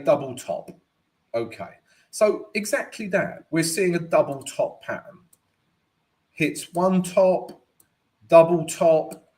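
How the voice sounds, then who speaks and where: A man hosting a live-stream trading lesson and Q&A, chatty and loose, ending points with "right?". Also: fairly high pitch. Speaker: forex trading educator and host. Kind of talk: live-stream market analysis and Q&A.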